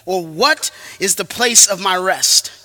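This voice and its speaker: A man preaching a sermon, emphatic, swinging from loud points to quiet asides. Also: high voice, expressive, takes it slowly, long reverb tail. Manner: emphatic, rises and drops sharply for effect.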